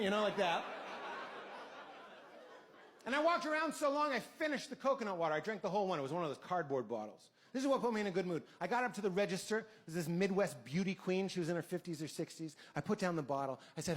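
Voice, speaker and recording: Dry standup guy, kinda high voice, noise in the background. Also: lively intonation, fast. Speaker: stand-up comedian. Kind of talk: stand-up set.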